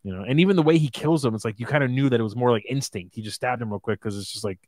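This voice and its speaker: Fast-talking man, eager movie chatter. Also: mid-range voice, a little mellow, dry recording. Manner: enthusiastic, fast, trips over words. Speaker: podcast co-host. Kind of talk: casual movie chat.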